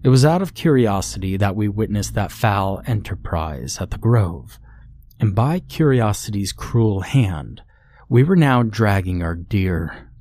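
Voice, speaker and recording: Low-voiced man narrating a horror story. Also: a little mellow, dry recording.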